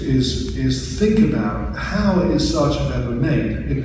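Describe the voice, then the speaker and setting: A man talking to an audience about a record he produced, halting and full of restarts, with dry wry humor. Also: medium pitch. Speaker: record producer presenting a remix. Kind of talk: casual talk to an audience. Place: room with a live audience. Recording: distant echoey room with long reverb and hiss.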